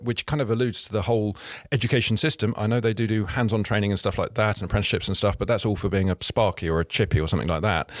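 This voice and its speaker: A British man with a lowish voice rattles through a rambling, self-deprecating anecdote at speed. He is hosting a casual podcast chat, and the close, dry mic leaves no room sound at all. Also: dry recording. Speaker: podcast host.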